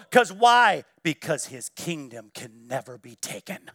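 A high-pitched male pastor delivers an emphatic sermon, rising to loud exclamations and dropping to hushed quotation. The sound is close and dry, with little room echo. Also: sing-song, measured pace, few pauses. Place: church sanctuary.

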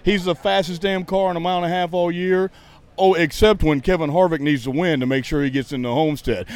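A man's voice: high voice, smooth, no room sound. A man, a podcast host and racing fan, ranting in a heated, sarcastic, profane way during a casual chat. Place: outdoors at a racetrack.

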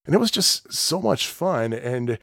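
Animated man rambling through a story. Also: mid-range voice, a little slow, dry recording, clean studio sound. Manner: rambling and animated, with frequent laughs and acted-out quotes. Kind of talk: casual storytelling chat.

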